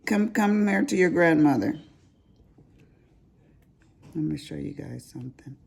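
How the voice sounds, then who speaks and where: A woman's voice: low voice, lively intonation, a little slow, gravelly, pauses often, a little mellow, a little hiss or hum. An older grandmother chatting casually to her viewers as she crafts, rambling and laughing at her own asides. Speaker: crafting vlogger. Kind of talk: casual chat while crafting.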